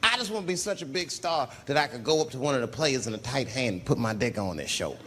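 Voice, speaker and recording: A man's voice: medium pitch, quick pace, a little hiss or hum. A man performing crude stand-up comedy, acting out other people's voices in his bits. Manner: crude, animated, acts out voices. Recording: live club recording with a laughing crowd.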